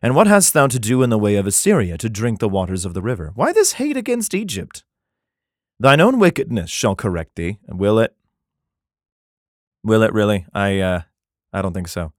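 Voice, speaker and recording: A man's voice: fairly low pitch, wildly swooping pitch, no echo, clean studio sound. A man reading old scripture verses aloud and breaking in with sarcastic, irreverent comments that include swearing. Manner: plain unhurried reading of archaic verse.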